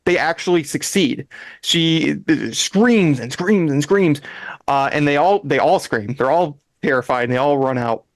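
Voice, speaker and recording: Man, podcast host, animated storytelling, frequent laughter, fairly high pitch, dry recording. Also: a little slow, dry recording. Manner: animated, acts out characters' lines in voices; laughs often, restarts sentences. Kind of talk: casual chat, retelling an episode.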